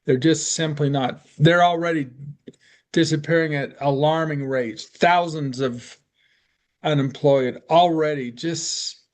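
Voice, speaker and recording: Slow-talking older man, rambling chat. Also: on the high side, steady tone. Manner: rambling, trails off mid-sentence. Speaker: teacher in an online class. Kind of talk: casual chat.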